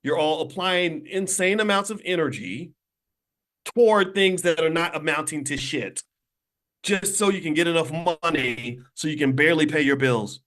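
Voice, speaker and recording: This middle-aged man's voice runs on the high side at a normal speed as he delivers an economics lesson like a sermon. Streaming from a hotel room via phone video, he fires off rhetorical questions to his online viewers, his volume rising and falling for emphasis.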